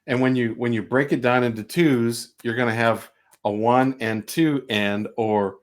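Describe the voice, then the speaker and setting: A middle-aged man teaching a music lesson on a livestream, relaxed and chatty, who stops to sing beat syllables to show the rhythm. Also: lowish voice, moderate pace, background noise. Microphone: home livestream mic.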